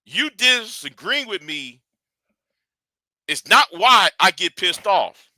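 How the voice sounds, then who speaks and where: A man hosting a livestream, scolding and animated in a profane rant that swings from shouting to hushed. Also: high-pitched, slow, no room sound. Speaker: livestream host.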